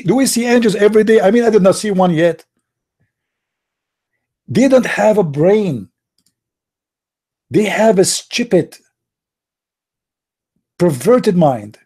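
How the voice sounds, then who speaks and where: A man hosting his channel in polemical talk, slow, emphatic and scornful. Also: high voice, a little mellow, breathy edge. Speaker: channel host.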